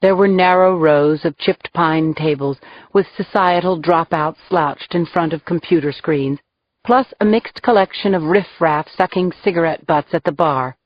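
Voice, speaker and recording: Low-voiced woman narrating a crime novel. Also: moderate pace, dry recording, lo-fi sound. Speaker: audiobook narrator.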